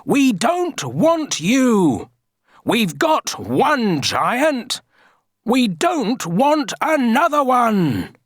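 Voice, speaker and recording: A woman reading aloud, voicing a crowd of cross villagers who shout in high, drawn-out voices. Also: wildly swooping pitch, breathy edge, no echo, studio quality, full character voice. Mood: angry.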